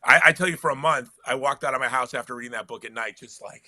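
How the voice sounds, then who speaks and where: A man being interviewed as a guest author, with a very bright, forceful voice recorded dry and close. He talks in an animated, emphatic way and often restarts his sentences. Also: medium pitch, rapid-fire, no room sound. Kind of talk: casual conversational interview.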